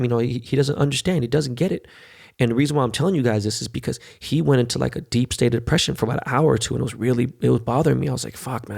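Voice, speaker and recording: A man's voice: mid-range voice, gravelly, a little mellow. A man, hosting a podcast and telling a loose, profane, talkative story in casual monologue. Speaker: podcast host.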